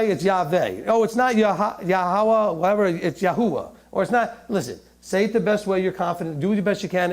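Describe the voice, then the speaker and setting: A man giving a sermon, reading scripture slowly and breaking into jokes and mock voices. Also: high voice, gravelly. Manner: animated, joking, reads scripture aloud slowly. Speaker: teacher.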